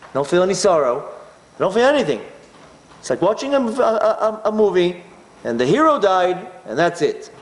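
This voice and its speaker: A man's voice: high-pitched, normal speed, roomy sound. A man from Israel, telling a personal story as a talk and acting out his own inner voice. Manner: animated, acts out his inner voice. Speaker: speaker.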